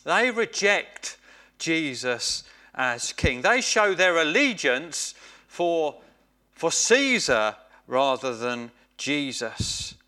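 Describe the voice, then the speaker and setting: A man preaching a sermon in a slow, deliberate way, drawing out key phrases and repeating them for emphasis. His voice sits a little high for a man and sounds bright and clear. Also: very animated.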